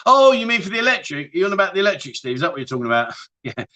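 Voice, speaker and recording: Bright, jokey man hosting a livestream. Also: high voice, big pitch swings, racing. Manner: jokey, laughing, banter with viewers. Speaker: livestream host. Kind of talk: casual livestream chat reading viewer comments.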